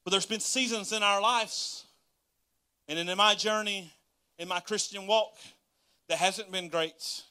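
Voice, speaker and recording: A man's voice: sits high, measured pace, long pauses, clear, resonant tone. A man, a pastor giving a casual livestream sermon full of folksy stories and laughter. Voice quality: folksy, laughing, storytelling, animated.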